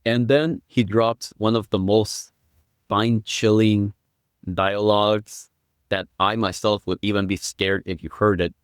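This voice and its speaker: A man as a guest on a film podcast, explaining step by step and building up to excited quoted lines. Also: fairly low pitch, a little slow, clean tone, no echo, clean studio sound. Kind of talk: casual film review chat.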